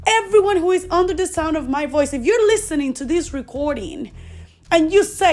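A woman's voice: very high voice, animated, moderate pace, darkish tone. A woman preaching a recorded sermon, earnest, asking rhetorical questions and then leading listeners in prayer. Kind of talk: recorded sermon with altar call.

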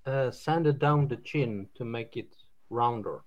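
A man joking in a casual podcast chat, speaking haltingly. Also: mid-range voice, dull audio.

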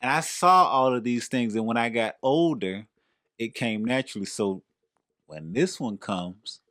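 A man with a Southern accent, co-hosting a casual podcast chat with his wife and telling stories with lively quoted voices. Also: fairly low pitch, measured pace, no echo, studio quality. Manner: animated storyteller, acts out quoted voices. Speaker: podcast co-host.

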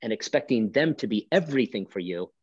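Brief: male pastor guest, low voice, emphatic preaching cadence, dull lo-fi sound. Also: lively intonation, fairly quick, a little mellow, husky, no echo. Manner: emphatic, preacherly, rhetorical questions. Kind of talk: podcast conversation.

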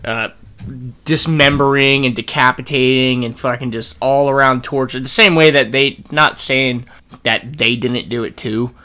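A man's voice: mid-range voice, fairly even intonation, a little slow, pushed and bright, smooth. A man co-hosting a podcast in a casual, profane, rambling way, laughing often. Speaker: podcast co-host.

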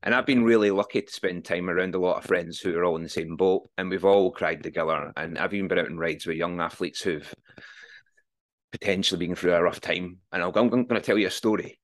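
Man, 40s, very low voice, earnest, reflective, candid podcast guest. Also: brisk. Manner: earnest, reflective, swears freely. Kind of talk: candid interview conversation.

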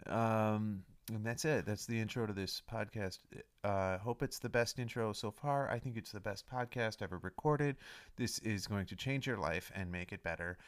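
A man in his thirties hosting a comedy podcast, rambling through a self-mocking intro and swinging from mumbling asides to loud melodramatic pleading. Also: lowish voice, moderate pace. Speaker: podcast host.

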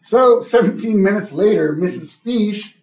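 Lively-voiced man recapping an episode. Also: high voice, a little slow, reverberant. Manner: frequent "uh-huh" and "mm-hmm" backchannels. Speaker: podcast co-host.

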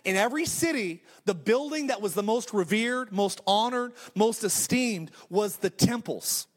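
High-voiced man preaching a sermon. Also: expressive, a little slow. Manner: emphatic, repetitive preaching with frequent restarts. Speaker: pastor.

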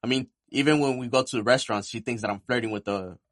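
A man telling stories in a casual chat, animated and swearing freely. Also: mid-range voice, fast talker, no room sound, studio quality.

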